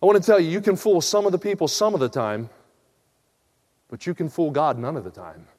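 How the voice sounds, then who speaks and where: A middle-aged man, preaching a sermon and telling stories, swinging between loud emphatic bursts and hushed earnest asides. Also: on the high side, fairly quick. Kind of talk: sermon with storytelling. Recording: long hall reverb.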